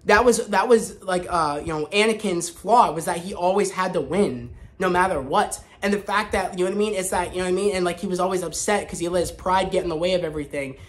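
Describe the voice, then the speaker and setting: A man hosting a casual spoken review vlog, talking in an excited, rambling way with frequent restarts. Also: high voice, fast talker, few pauses. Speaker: host.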